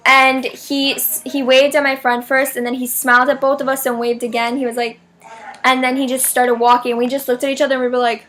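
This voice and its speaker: A young woman excitedly telling a concert story in a casual vlog, full of "like" and sudden shrieks. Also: a little fast. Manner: gushing fan, shrieks names in high bursts; heavy "like" filler, chatty and dramatic. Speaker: vlogger.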